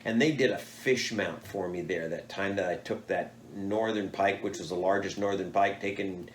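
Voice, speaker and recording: Older male storyteller, animated, acts out his quotes, roomy echoey recording. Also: sits low, moderate pace, a little hiss or hum. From United States. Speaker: father telling stories. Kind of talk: casual storytelling. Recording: echoey room.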